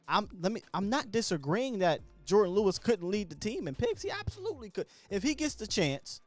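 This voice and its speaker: Higher-voiced guy hosting sports talk, chatty n jokey, faint music under it. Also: very animated, a little fast. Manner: chatty, jokey, talks through points.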